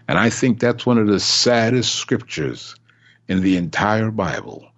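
A man's voice: lowish voice, sing-song, a little slow, a bit bright. An older man preaching an impassioned sermon, emphatic and repetitive, acting out the voices he quotes. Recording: dull lo-fi recording.

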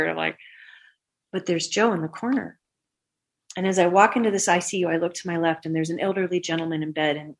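A woman guest on a talk show, telling a personal story with lively voices for the people she quotes. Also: mid-range voice, breathy edge.

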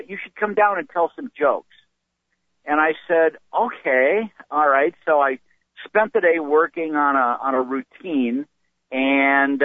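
Middle-aged male stand-up comedian, lively storyteller, acts out quotes; tinny phone-quality audio. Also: a little high, dry recording. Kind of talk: storytelling in an interview. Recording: phone-like dry sound.

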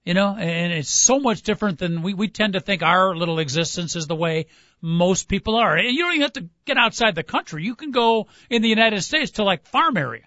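A man's voice: high voice, expressive, a little fast, bright, forceful tone, no room sound, highs cut off. A man hosting a sports radio show, talking in a folksy, musing way and plugging the call-in line. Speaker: radio host. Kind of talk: casual sports radio banter.

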